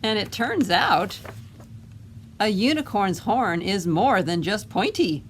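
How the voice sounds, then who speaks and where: A woman's voice: mid-range voice, lively intonation, slow pace, a little hiss or hum. A woman reading a picture book aloud, voicing a grumpy, self-important male goblin with an indignant, sarcastic way of complaining. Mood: grudging.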